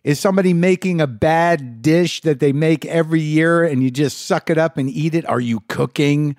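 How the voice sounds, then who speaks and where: A man's voice: a little high, a little mellow, no room sound, studio quality. A man hosting a podcast in a rambling, profane monologue, punchy and short on sleep. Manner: rambling, rapid-fire questions, profane. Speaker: podcast host. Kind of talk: casual monologue.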